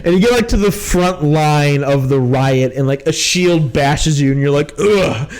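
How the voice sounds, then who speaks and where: A man's voice: on the high side, moderate pace, darkish tone, rough recording. A man narrating as game master, rambling with many fillers. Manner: rambling, lots of "like".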